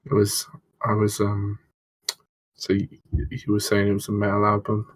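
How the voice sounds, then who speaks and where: A young man in a casual podcast chat, deadpan and repeating the same joke. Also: lowish voice, normal speed, low-quality recording. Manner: deadpan, repeats his pun. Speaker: podcast co-host.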